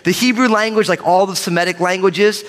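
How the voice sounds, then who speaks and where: Joking pastor preaching in a big hall. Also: male voice, high voice, a little fast. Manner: lively, joking, calls for amens. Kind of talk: sermon. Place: church sanctuary with live congregation. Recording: reverberant hall sound.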